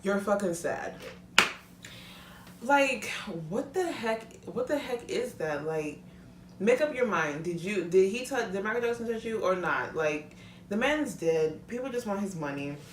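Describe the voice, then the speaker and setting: A woman's voice: mid-range voice, lively intonation, unhurried, slight background noise. A young woman vlogger in a casual, heated rant, talking bluntly and swearing freely. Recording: echoey room, mic at a distance.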